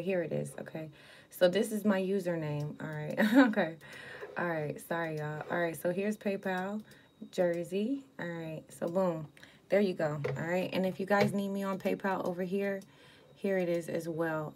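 A woman runs a casual livestream tarot reading, chatting to her viewers in loose slang with the odd curse. Her voice sits fairly low. A faint noise hangs behind her. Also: fairly even intonation, moderate pace, vocal fry, a little mellow. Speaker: live tarot card reader.

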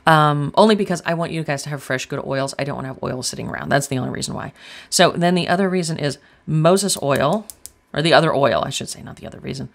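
A woman's voice: low voice, quick pace, vocal fry. A woman giving a casual tarot reading, chatty and blunt, swearing freely as she talks straight to viewers. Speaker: tarot reader.

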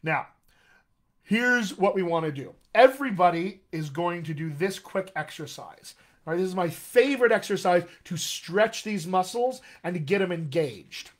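An upbeat male dialect coach teaches a live online class. His voice sits high for a man, and he keeps checking in with his viewers with a cheerful "all right?" His delivery is chatty and encouraging. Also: animated, moderate pace. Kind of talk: live-streamed voice lesson.

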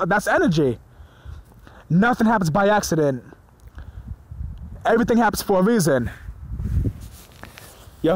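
A man preaching to his viewers in an excited, informal way, often stumbling over his words and swearing freely. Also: sits high, rough recording. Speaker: religious video preacher. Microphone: phone or screen recorder mic.

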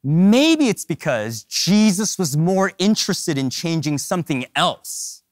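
Animated, lively-voiced male pastor. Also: on the high side, measured pace, no room sound, clean studio sound. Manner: animated, humorous, emphatic. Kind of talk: sermon.

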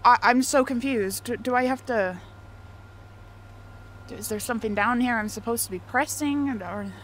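A woman's voice: a little high, normal speed, a little hiss or hum. A woman talking to herself while playing a video game, thinking aloud and yelping when something startles her. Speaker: gamer. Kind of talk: casual gameplay commentary.

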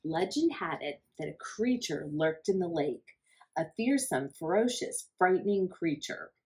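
A woman reading a picture book aloud to children at library storytime, pausing to ask the young listeners hushed questions. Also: on the low side, expressive, poor audio.

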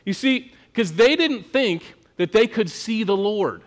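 A man's voice: high-pitched, animated, slow pace. A male pastor preaching a sermon in a casual, joking, conversational manner.

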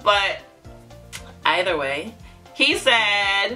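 A young woman hosting a casual reaction vlog, giggling often and breaking into high exclamations. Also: animated, moderate pace, pushed and bright, soft background music. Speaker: YouTube reaction host.

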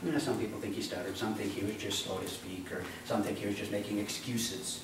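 A man's voice: fairly low pitch, fairly even intonation, brisk, very echoey, far from the mic, noisy background. A man preaching a sermon as pastor, talking conversationally, quizzing the congregation and acting out voices. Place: church.

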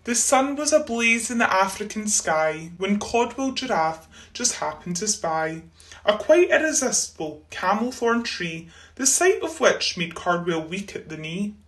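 A woman reads a rhyming children's picture book aloud for a school. Her delivery is rhythmic and expressive, with a very lively pitch in a middle register. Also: a little slow. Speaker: school reader. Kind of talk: storybook read-aloud.

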